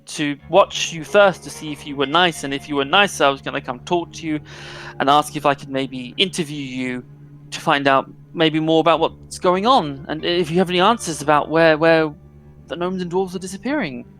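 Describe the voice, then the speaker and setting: A man's voice: fairly high pitch, normal speed, a bit bright, natural voice. A man voicing a young female reporter in her late teens, stammering and apologetic. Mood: earnest.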